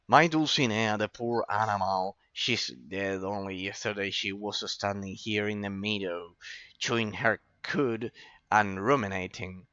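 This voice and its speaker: A man's voice: on the low side, a little slow, pushed and bright, dry recording, muffled recording. A man reading a grieving villager's quest text aloud from a game, in a lightly dramatic tone. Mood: mournful. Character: grieving villager mourning a lost cow.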